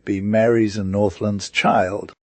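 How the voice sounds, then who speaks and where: Older stepmother, read by a man, tearful and remorseful, dry low audiobook voice. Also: little pitch movement, slow, darkish tone, no echo. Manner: emotional, pleading. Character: older woman, grief-stricken, remorseful stepmother. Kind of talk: audiobook character reading.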